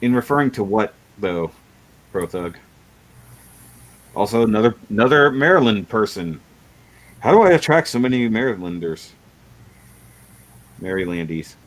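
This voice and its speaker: A man's voice: fairly low pitch, animated, normal speed, long pauses, low-quality recording. A man hosting a casual livestream chat, rambling and laughing often. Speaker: livestream host.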